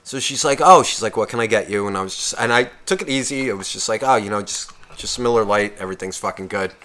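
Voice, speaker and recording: Talking fast in a voice on the low side, this man co-hosts a podcast and recounts a bar story casually. His telling is profane and animated, quoting others in changing voices.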